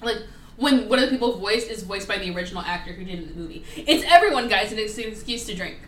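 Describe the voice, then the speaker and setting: A woman hosting a podcast in casual chat, talking in an animated, profane, ranting way. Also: medium pitch, fast talker, recorded from a distance. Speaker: podcast host. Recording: roomy, off-mic.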